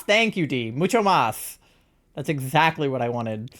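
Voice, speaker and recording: A young adult from Virginia talks loosely to a live stream audience while playing, drifting from story to story. The speech is peppered with swearing and quick laughs, relaxed and unpolished. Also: mid-range voice. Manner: rambling, profane, laughs often. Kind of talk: casual live-stream chat while gaming.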